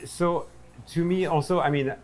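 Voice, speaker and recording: A man's voice: a little high, fairly even intonation, moderate pace. A middle-aged man with a French accent, a chef and restaurant owner, chatting in an interview with self-mocking humor, in a busy restaurant. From France. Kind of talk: casual interview. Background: diners chatting and laughing.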